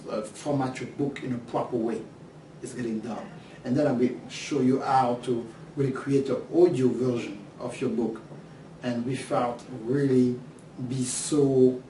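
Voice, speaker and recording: French-accented man pitching an online course. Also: roomy sound, recorded from a distance, a little hiss or hum, poor audio. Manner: animated, acts out imagined questions from students. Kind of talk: course preview talk to camera.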